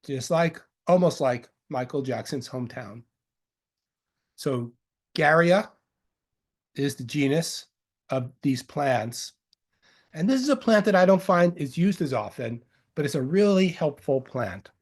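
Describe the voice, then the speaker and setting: Rambling herbalist with a faint Long Island accent. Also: male voice, on the high side, lively intonation, measured pace. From Long Island, New York. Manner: rambling and jokey, with self-corrections and fillers. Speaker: herbal medicine teacher. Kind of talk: informal lecture.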